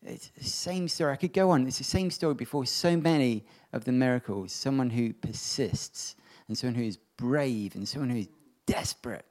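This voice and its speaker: A man preaching a sermon, reading Bible stories and bringing them to life with animated voices. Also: medium pitch, normal speed.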